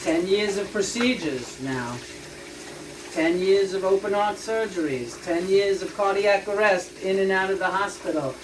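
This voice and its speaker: A woman's voice: medium pitch, a little slow, background noise. Woman venting on camera, swearing a lot, worked up. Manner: profane, emotional ranting. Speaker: vlogger. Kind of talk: casual monologue.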